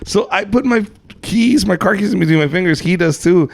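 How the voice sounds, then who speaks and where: A young man hosting a podcast, telling loud, animated stories and swearing a lot. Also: high voice, a little fast, creaky. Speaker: podcast host, comedian. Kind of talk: casual podcast chat.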